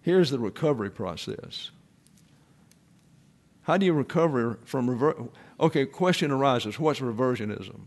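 A man's voice: medium pitch, animated, normal speed. A man giving a Bible class sermon, explaining terms step by step and often saying "okay". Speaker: Bible teacher.

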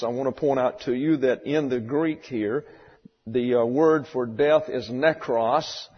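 A man teaching a Bible lesson in sermon style, slow and methodical, spelling out Greek words letter by letter. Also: mid-range voice, breathy edge. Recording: dull lo-fi recording with long hall reverb.

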